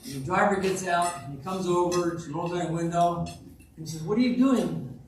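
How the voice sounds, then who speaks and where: A man's voice: sits high, fairly even intonation, fairly quick. A man at a club meeting, telling folksy jokes and stories in a chatty way. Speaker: Rotary club speaker. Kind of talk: joke-telling club talk. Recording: distant, echoey room with background noise.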